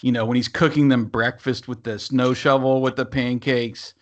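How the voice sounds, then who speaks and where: A man's voice: mid-range voice, level tone, normal speed. A man co-hosting a podcast, chatting casually about movies and rambling through fillers and restarts. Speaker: podcast co-host. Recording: dull lo-fi sound.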